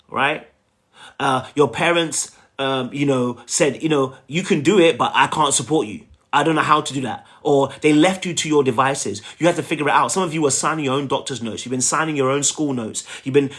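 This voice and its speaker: A man's voice: medium pitch, a bit bright. A man giving a relationship coaching talk, emphatic and repetitive, often checking in with "okay?" and "right?".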